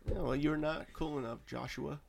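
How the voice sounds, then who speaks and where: Crude, profane man, gravelly voice, casual banter. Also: fairly high pitch, steady tone, moderate pace, a crowd in the background. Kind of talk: casual podcast chat.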